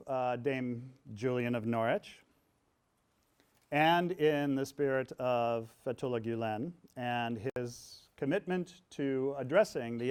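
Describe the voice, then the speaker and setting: A man's voice: mid-range voice, clean tone. Middle-aged male speaker at a public talk, resonant voice, storytelling manner with humorous touches. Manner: warm storytelling, humorous asides, quotes with rising emphasis. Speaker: author and pastor in conversation. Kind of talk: public talk before an audience. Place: event hall with audience.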